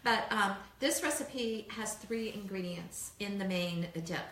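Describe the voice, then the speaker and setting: A woman's voice: mid-range voice, measured pace, a bit bright. A woman chatting casually while demonstrating a recipe, laughing easily and sometimes talking with her mouth full. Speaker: cooking guest. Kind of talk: casual cooking demo chat. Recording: echoey room, mic at a distance.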